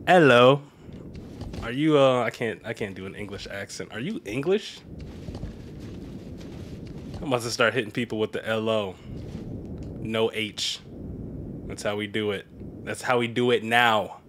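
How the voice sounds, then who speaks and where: A man live streaming a video game, chatting casually and reacting loudly with sudden high exclamations. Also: moderate pace, pauses often, background noise. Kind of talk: casual gaming commentary. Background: game music.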